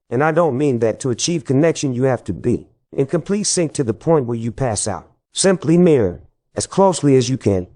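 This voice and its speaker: A man reading a nonfiction audiobook in an even, instructive narration style. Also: medium pitch, dry recording, clean studio sound.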